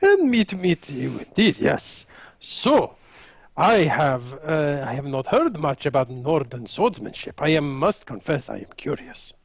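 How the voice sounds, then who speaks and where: A man's voice: a little high, big pitch swings, a little slow, vocal fry, no echo, full character voice. A courtly nobleman, vain and gracious, greets a stranger in slightly raised, formal tones, as a man puts him on. The sound is dry and close.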